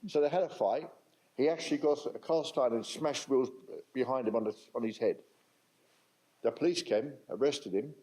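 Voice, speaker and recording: A man's voice: medium pitch, moderate pace, mellow, low-quality recording. An older man with a London accent, telling stories at a public talk in a chatty way and asking the audience questions. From England. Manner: chatty, asks the audience questions, repeats for emphasis. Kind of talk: conversational storytelling to an audience.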